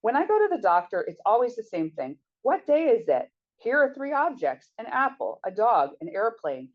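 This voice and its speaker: A woman's voice: a little high, big pitch swings, moderate pace, dull audio, pitched above the performer's own voice. A woman voicing an indignant elderly man, a defiant veteran, mocking clinic questions in a sing-song way.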